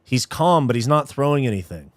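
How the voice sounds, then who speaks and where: Calling the fight live as host, this young man gets easily worked up and frustrated, tossing out casual swears along with "dude" and "bro." He speaks briskly in a mid-range voice, with no room sound.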